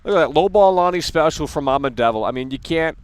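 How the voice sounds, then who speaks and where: A man's voice: a little high, animated, fast, clean tone, dry recording. Profane ranting male game streamer. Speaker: livestream host. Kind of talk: casual gaming chat.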